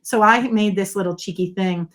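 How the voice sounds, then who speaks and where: A middle-aged woman speaks as an interview guest, her voice sitting at an ordinary pitch for a woman. She explains ideas with lively emphasis and tells stories with plenty of energy. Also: moderate pace. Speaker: guest, body language expert. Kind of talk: conversational interview.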